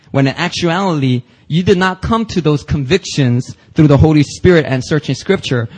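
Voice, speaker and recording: A man with a husky, slightly higher voice preaches a church sermon. He talks casually with slang but builds to forceful, rising passages when quoting scripture. His delivery is emphatic throughout. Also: low-quality recording. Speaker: pastor. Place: church service.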